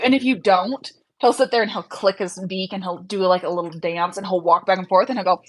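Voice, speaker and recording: A tired woman hosts a casual livestream chat in a medium-pitched voice, talking a little fast with few pauses on a low-quality recording. She's chatty and rambling, trailing off as she works on her screen and often laughing mid-sentence.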